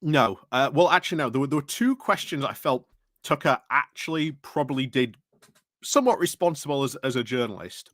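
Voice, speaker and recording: A man's voice: mid-range voice, animated, brisk, fairly bright tone, no echo, clean studio sound. A man in casual political chat on a podcast, rambling with many fillers and restarts. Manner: rambling, frequent fillers and restarts, laughs while talking. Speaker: podcast panelist.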